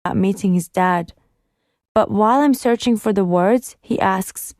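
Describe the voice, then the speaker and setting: A woman calmly narrating a first-person audiobook in a measured way. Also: mid-range voice, no room sound, studio quality.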